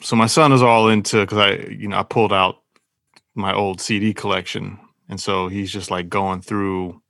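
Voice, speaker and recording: A man's voice: fairly low pitch, level tone, moderate pace, creaky, a bit bright, no echo, studio quality. A man in a casual podcast chat, asking questions in an easygoing way. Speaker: podcast co-host.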